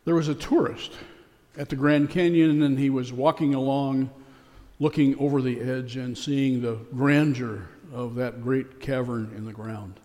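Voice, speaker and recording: A man's voice: mid-range voice, fairly even intonation, measured pace, a little mellow. A man preaching a sermon as pastor. He speaks in a folksy, conversational way with a few fillers. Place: church. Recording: long church reverb.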